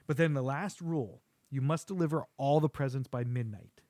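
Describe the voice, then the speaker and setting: A middle-aged man hosting a podcast, chatting casually with his son and retelling cartoon scenes with quick quoted voices. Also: mid-range voice, warm tone, dry recording. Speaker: podcast host.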